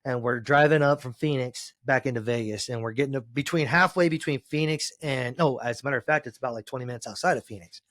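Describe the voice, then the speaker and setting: A man, a former pro wrestler, telling road stories in a casual podcast chat, cursing freely and rambling, climbing loud and high as he gets worked up. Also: quick pace, few pauses, no echo. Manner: profane, rambling storyteller, gets loud and high when excited.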